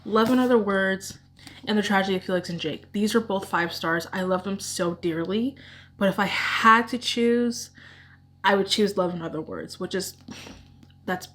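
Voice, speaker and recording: A woman's voice: mid-range voice, normal speed, fairly bright tone, a little hiss or hum. A woman vlogger chatting casually about her favorite books, gushing and rambling with emotion. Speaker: book vlogger. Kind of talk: casual book chat.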